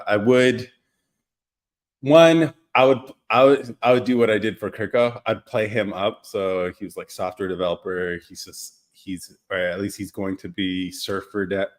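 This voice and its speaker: Hosting a laid-back livestream podcast, a low-voiced young man jokes around and wanders from story to story. He reads out what viewers post, needles them playfully, and laughs easily and often.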